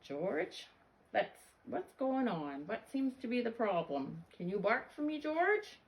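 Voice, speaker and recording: A woman playing a gentle, kindly vet. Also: a little high, very animated, slow, pitched above the performer's own voice, full character voice. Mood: reassuring. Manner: gentle, reassuring, coaxing. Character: calm, kindly man vet, adult.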